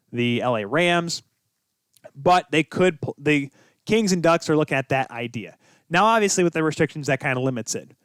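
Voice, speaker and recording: A man's voice: fairly high pitch, fairly bright tone, smooth, dry recording, studio quality. A young man hosting a sports podcast, talking solo in a rambling way, thinking aloud, his voice jumping up when he gets worked up. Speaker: podcast host.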